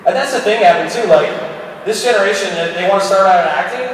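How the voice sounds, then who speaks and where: A man's voice: sits high, fast talker, slight background noise. A man on a convention panel giving rambling, encouraging advice to fans with plenty of enthusiasm. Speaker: actor and panel guest. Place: large convention hall. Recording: echoey convention hall from far off.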